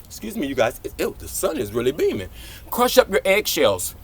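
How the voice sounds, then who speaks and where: A man, hosting a casual outdoor gardening vlog in an exuberant, affectionate, very animated way. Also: a little high, brisk, breathy edge. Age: 40s. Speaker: gardening channel host. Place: outdoors in a garden, hot day.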